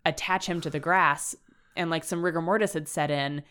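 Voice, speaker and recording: A woman's voice: low-pitched, fairly even intonation, moderate pace, a bit bright, smooth. A woman co-hosting a podcast, chatting casually about a horror novel with dry asides and laughter. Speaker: podcast co-host. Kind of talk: casual book discussion.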